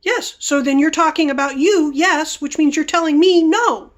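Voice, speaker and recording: A flustered, polite restaurant owner, put on by a woman telling a story, who explains herself earnestly. The voice sits a little higher and louder than the teller's own. She sounds set on correcting the customer. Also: normal speed, close to an everyday voice.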